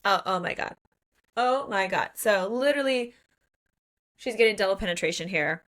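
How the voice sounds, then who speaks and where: A woman co-hosting a book podcast in casual chat, gushing and excitable and swearing freely as she retells scenes. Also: medium pitch, normal speed. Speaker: podcast co-host.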